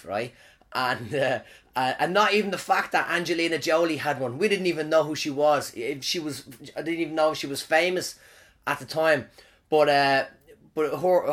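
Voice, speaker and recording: A man's voice: on the high side, a bit bright. Swearing man telling crude stories. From Ireland. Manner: crude, swearing, rambling with restarts. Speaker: podcast host. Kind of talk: casual comic storytelling monologue.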